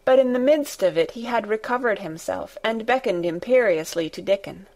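A woman narrating a storybook in a deliberate, expressive reading. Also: medium pitch, rough recording. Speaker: audiobook narrator.

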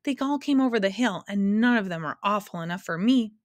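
A gruff male noise creature from a storybook, as a woman puts him on, puffing and slow with a strained, raised pitch. The read sounds dry and close. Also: expressive, no room sound, close to an everyday voice. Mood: grumbling.

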